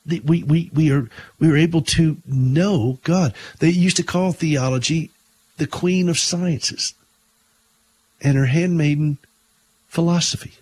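A man's voice: on the high side, unhurried, a little mellow. A middle-aged man hosting a Christian radio talk show, telling stories and preaching earnestly, often repeating words when emphatic.

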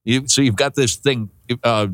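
A man's voice: medium pitch, fairly even intonation, moderate pace. A man hosting a faith radio show, answering listener questions in a folksy, joking way. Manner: folksy, joking, talks with restarts. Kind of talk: casual faith radio chat. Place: radio studio.

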